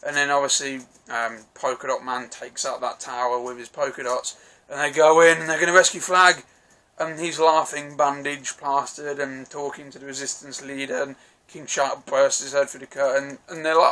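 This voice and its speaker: A man's voice: mid-range voice, level tone, normal speed, pushed and bright. A man giving a casual, rambling film review, swearing freely and restarting his sentences.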